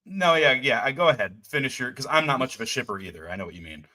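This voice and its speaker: A man with a bright, forward voice that swings widely in pitch as he rants about a TV episode. He talks casually, swears freely and laughs along with the others. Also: expressive, fast talker. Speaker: podcast co-host. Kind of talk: casual chat recapping a TV episode.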